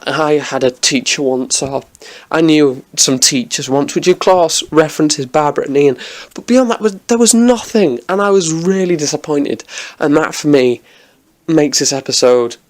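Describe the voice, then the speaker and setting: Casual male vlogger, slightly high voice, eager and rambling review delivery. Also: a little mellow. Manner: enthusiastic, rambling with many restarts. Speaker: TV episode reviewer.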